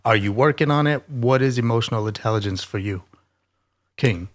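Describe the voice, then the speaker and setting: A man's voice: mid-range voice, moderate pace. A man co-hosting a podcast, affirming others and asking probing questions in casual chat. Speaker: podcast co-host.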